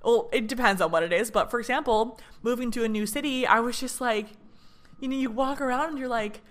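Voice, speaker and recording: A woman's voice: a little high, fairly quick, fairly bright tone. A young woman from Michigan hosting a podcast, chatting casually and bubbly, full of "like" and quoting herself playfully. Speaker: podcast host. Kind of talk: casual solo podcast talk.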